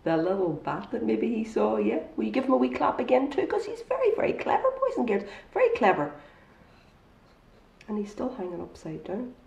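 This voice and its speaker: A woman's voice: on the high side, very animated, fairly quick, gravelly, darkish tone. A woman, reading a picture book aloud to children in a bookshop and coaxing them with questions. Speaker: storytime reader. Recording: echoey room, dull lo-fi sound.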